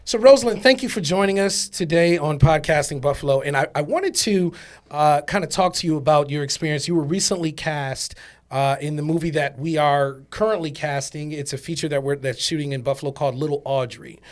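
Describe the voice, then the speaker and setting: Man hosting a chat, halting delivery. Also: on the high side. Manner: halting, repeats words and uses many fillers. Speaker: podcast host. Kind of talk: casual chat.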